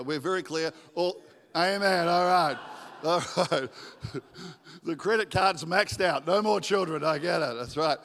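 Animated man preaching in an echoey church. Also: high voice. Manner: animated, joking with the congregation. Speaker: guest preacher. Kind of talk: sermon. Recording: echoey hall with long reverb.

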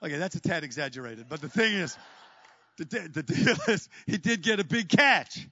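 High-voiced animated preacher. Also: male voice, normal speed, slightly rough, no room sound, highs cut off. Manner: animated storytelling, acts out scenes. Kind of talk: sermon.

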